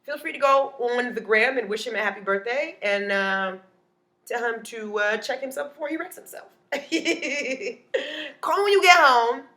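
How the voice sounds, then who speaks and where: A woman comedian telling a comic story in an animated, punchy way, often adding "okay?". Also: a little high, moderate pace.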